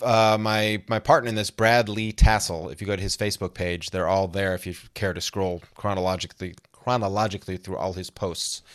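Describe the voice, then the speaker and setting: A man's voice: low voice, dry recording, clean studio sound. A man chatting as a podcast guest, rambling through asides and laughing often. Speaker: podcast guest, comedy songwriter. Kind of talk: casual interview chat.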